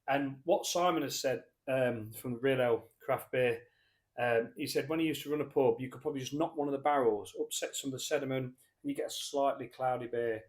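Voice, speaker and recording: A man's voice: mid-range voice, brisk, a little mellow. A man reviewing a beer on camera in a casual, rambling way, often correcting himself mid-sentence. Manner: rambling, chatty, self-correcting. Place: pub.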